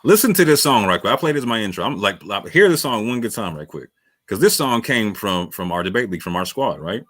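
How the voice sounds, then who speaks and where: A man's voice: fairly low pitch, very animated, fast talker, fairly bright tone. A man giving a heated, slangy video response, repeating himself for emphasis. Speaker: online commentator. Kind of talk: casual video rant.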